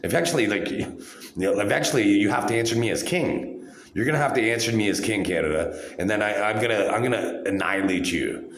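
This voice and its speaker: A vlogger in his forties, in a hospital room, rants angrily and accusingly straight to the camera, repeating himself as he goes. His voice is on the low side, brisk and fairly bright in tone, and the room is echoey.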